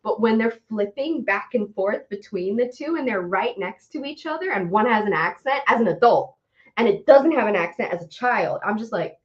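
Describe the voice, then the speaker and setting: Young woman, podcast co-host, casual chat, animated, swears a lot, mid pitch, muffled lo-fi sound. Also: normal speed. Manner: animated, swears often, laughs while ranting. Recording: dull lo-fi audio.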